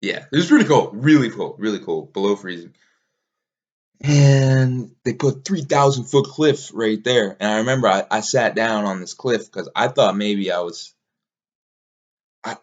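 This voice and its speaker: Chill guy with a lowish voice telling a race story, kinda rambly, swears a lot, muffled sound. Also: normal speed. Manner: rambling, laid-back, swears casually, laughs at himself. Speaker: ultramarathon runner recounting a race. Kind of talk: casual recap vlog.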